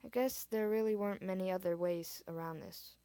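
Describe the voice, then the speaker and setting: A woman reading her fan fiction aloud, expressive, dropping in her own asides. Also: mid-range voice, fairly quick, no echo. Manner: expressive, adds asides and swears in reaction. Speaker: reader.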